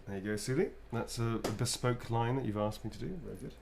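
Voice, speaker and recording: A man's voice: mid-range voice, quick pace, gravelly. Man, actor, casual chat, joking, reading fan messages aloud, faint background hum. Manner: playful, joking, reads out fan messages as he writes. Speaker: actor signing autographs. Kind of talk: casual chat during a live signing.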